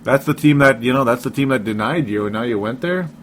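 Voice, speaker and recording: A man's voice: medium pitch, expressive, quick pace, a bit bright, a little hiss or hum. A man co-hosting a casual sports podcast, rambling, laughing often and breaking off his own sentences. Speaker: podcast co-host.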